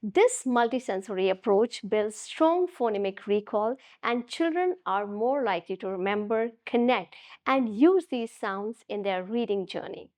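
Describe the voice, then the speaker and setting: A woman teaching children a phonics lesson, encouraging and demonstrating each sound slowly. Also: mid-range voice, expressive, darkish tone.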